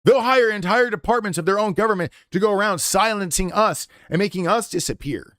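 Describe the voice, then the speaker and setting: A male streamer in the middle of an unscripted rant, blunt and full of swearing. His voice sits a little high for a man. The sound is dry, with no room echo. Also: brisk, a bit bright. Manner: profane, impassioned and blunt. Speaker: game streamer.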